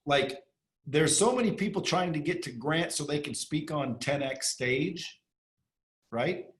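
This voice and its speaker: A man's voice: on the high side, expressive. Blunt, emphatic man in an echoey room. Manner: blunt, emphatic, swears casually, rapid-fire questions. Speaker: interview guest, sales training entrepreneur. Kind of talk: casual conversational interview.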